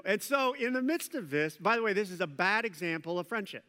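A man's voice: high voice, a little fast, hardly any pauses, in a large hall. A middle-aged male pastor preaching a sermon, retelling a story with playful jokes and asides. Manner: animated storytelling with joking asides.

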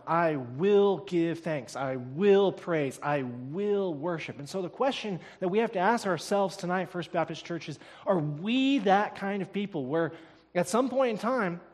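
Male preacher with a high voice, emphatic delivery that climbs to loud declarations, recorded in a reverberant church. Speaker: pastor. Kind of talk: sermon. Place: church sanctuary. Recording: long reverb of a church hall.

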